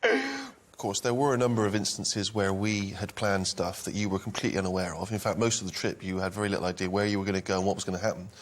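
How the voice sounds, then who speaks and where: A man's voice: fairly low pitch, animated, fast. A man co-hosting, asking questions in a dry, mock-earnest way. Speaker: co-host. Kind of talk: mock-serious interviewing.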